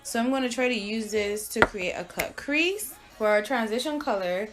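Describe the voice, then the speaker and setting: A young beauty vlogger from Barbados chats casually through her makeup tutorial in a mixed Barbadian and American accent. Her fairly high voice moves at a moderate pace, relaxed and filler-heavy, over some background noise.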